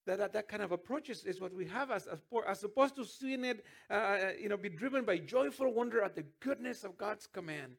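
A man's voice: high-pitched, lively intonation, a little fast, gravelly, hardly any pauses, slightly rough. A man preaching a sermon as pastor, earnest, with restarts and sudden emphatic rises.

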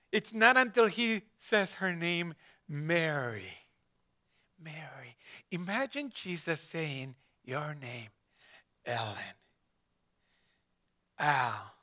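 Very high-voiced, bright male preacher. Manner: addresses listeners by name, asks rhetorical questions. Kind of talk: conversational sermon.

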